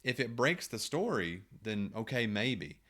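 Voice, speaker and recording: A man's voice: mid-range voice, big pitch swings, measured pace, a bit bright, breathy edge. A man, a writer, talking casually to camera, thinking aloud with rhetorical questions and frequent restarts.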